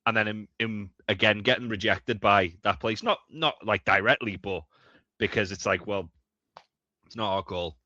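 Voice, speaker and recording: A man's voice: fairly low pitch, moderate pace, pushed and bright, dry recording, dull audio. A man co-hosting a casual review podcast, laying out his point step by step. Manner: thoughtful, builds an argument step by step.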